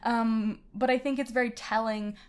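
A woman talking through a piece of fan fiction in a relaxed discussion, thoughtful and full of little fillers and restarts. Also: a little high, normal speed. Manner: thoughtful, many fillers and hedges. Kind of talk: casual book discussion.

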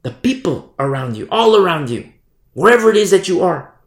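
A man's voice: sits high, sing-song, fairly quick. A man preaching a sermon as pastor, emphatic and repetitive, often asking his listeners "you see?". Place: church hall. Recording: echoey room.

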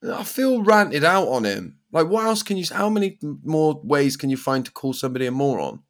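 A man's voice: fairly high pitch, animated, fairly quick. A man chatting casually as a podcast co-host, swearing now and then and using British slang. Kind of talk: casual chat.

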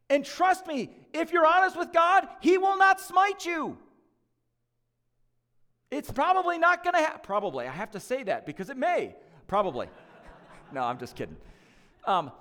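Male lead pastor, very high pitch, conversational and emphatic preaching with joking asides. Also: fairly bright tone, big-room sound. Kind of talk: sermon.

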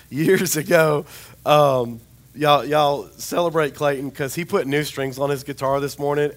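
A man preaching a sermon, with a chatty, rambling storytelling manner and a slightly hoarse voice. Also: mid-range voice. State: hoarse, recovering voice.

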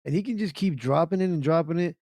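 A man with a fairly high, slightly mellow voice talks fast while hosting an internet radio show, recorded dry with studio quality. In casual live commentary he rants, repeats himself, and fires off rhetorical questions while reacting to chat.

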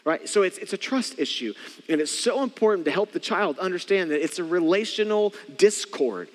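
A man preaching a sermon as a pastor, earnest and repetitive, often dropping to soft quiet tones to stress a point. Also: high voice, animated, moderate pace, big-room sound. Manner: earnest, repeats phrases, drops to soft quiet tones for emphasis.

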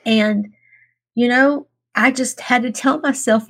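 A woman's voice: on the high side, steady tone, takes it slowly, a bit bright. A woman, a guest telling her story in an interview, earnest and emotional, laughing through tears.

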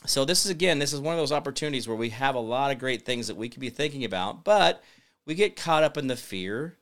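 A man's voice: mid-range voice, expressive, fast, a bit bright. A man hosting a talk show, rambling in a folksy, preachy monologue to his viewers. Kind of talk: casual livestream monologue.

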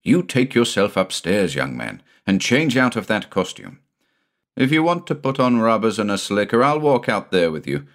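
A man's voice: on the low side, big pitch swings. A man reading a story aloud, voicing a stern but kindly doctor who scolds and teases his young son. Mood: stern teasing. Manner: brisk, scolding, gently teasing.

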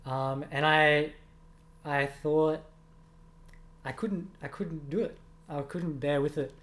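A man's voice: on the high side, fairly even intonation, slow pace, a bit bright. A young man, a music teacher giving earnest, reflective interview answers with many ums. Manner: earnest, reflective, with frequent ums and self-corrections.

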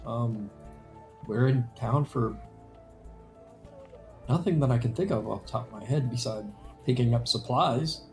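A man's voice: medium pitch, unhurried, long pauses, a little mellow, faint music behind. Man playing a tabletop character. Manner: casual, in character. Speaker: player.

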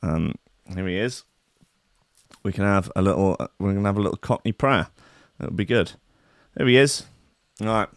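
In a studio-quality, dry recording, this morning-show host rambles through a casual comic monologue, cursing playfully and slipping into mock-cockney routines. He speaks in a lowish voice at a moderate pace, pausing often.

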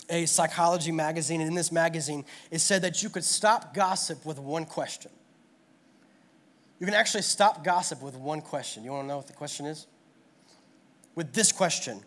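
A man's voice: fairly high pitch, fairly bright tone. A man preaching a sermon at a church gathering in an earnest, repetitive style full of rhetorical questions. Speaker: pastor.

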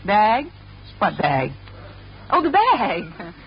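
A wisecracking schoolteacher. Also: female voice, medium pitch, huge pitch swings, a little hiss or hum, exaggerated voice. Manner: flustered, joking, quick quips. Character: wisecracking sarcastic woman schoolteacher. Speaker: English teacher. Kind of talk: 1950s radio sitcom acting. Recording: dull old radio recording with studio audience laughing.

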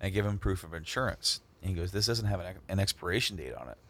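Animated, slightly low-voiced man telling stories. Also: fast talker, gravelly. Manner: animated, acts out the other people in his story; repeats words and restarts a lot. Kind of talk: casual storytelling among friends.

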